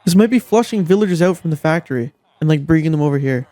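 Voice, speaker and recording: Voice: mid-range voice, quick pace, mellow, no room sound. A gameplay commentator talking casually, exasperated and swearing often, scolding game characters, with the voice leaping up when frustrated.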